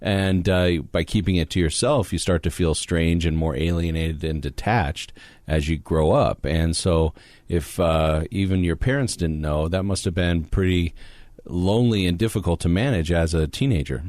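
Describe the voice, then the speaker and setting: A man co-hosting a podcast and coaching on anxiety, speaking in a calm, explanatory way. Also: deep voice, normal speed, dry recording. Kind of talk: interview conversation.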